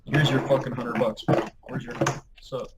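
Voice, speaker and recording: A man's voice: medium pitch, level tone, normal speed, very noisy. Brash, cursing man trash-talking. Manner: brash, profane trash talk; stumbles over words. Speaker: podcast co-host. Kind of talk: casual sports banter.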